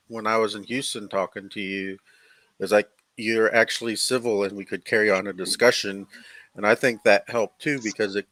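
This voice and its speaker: A man calmly recounting events in a matter-of-fact way during a casual panel chat. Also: lowish voice, dry recording, poor audio.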